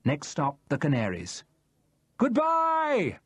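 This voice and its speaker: Husky, expressive male audiobook narrator. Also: mid-range voice, normal speed, no room sound. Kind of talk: first-person audiobook narration.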